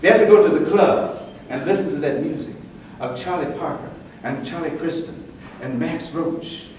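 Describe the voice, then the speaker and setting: Man putting on a slangy bebop fan, high voice, scatting, preaching, live storytelling, far-off mic. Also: normal speed, noisy background, natural voice. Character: jive-talking man, eager bebop lover. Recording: echoey room, distant mic.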